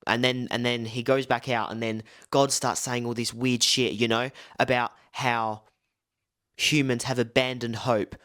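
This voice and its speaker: A man's voice: medium pitch, little pitch movement, unhurried, a bit bright. Young male film reviewer, casual and rambling, heavy on "like" and "um". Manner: loose, rambling, full of "like" and "um". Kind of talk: casual spoken film breakdown.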